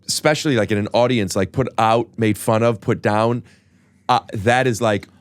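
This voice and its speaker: A man's voice: lowish voice, normal speed, smooth, no echo. A man hosting a podcast, talking earnestly and emotionally, stumbling through restarts. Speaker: podcast host. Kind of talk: casual podcast chat.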